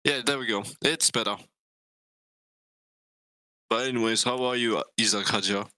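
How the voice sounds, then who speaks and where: A man's voice: medium pitch, normal speed, sharp tone, no echo. A man from Thailand, born in Finland, streaming a sim race and joking with friends in casual chat. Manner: chatty, jokey, self-mocking.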